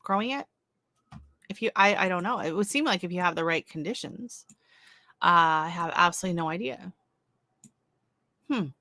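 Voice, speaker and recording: A middle-aged Canadian woman hosts her own livestream, chatting casually and reading comments as she rambles with fillers and restarts. Her voice is on the low side, bright, and forceful, with lively intonation, a moderate pace, and frequent pauses. There's no room sound.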